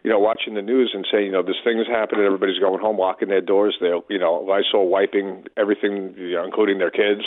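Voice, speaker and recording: A man's voice: low voice, little pitch movement, fast, few pauses. A man in his sixties, a touring band member, chatting in a phone interview, telling stories and acting out dialogue. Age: 60s. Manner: storytelling, chatty, acts out dialogue. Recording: tinny phone line.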